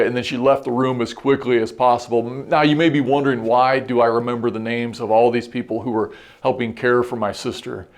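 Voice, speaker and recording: A man's voice: medium pitch, fairly even intonation, fairly quick, hardly any pauses. A middle-aged man preaching a sermon as a pastor, telling a personal story in an earnest, reflective way with frequent restarts.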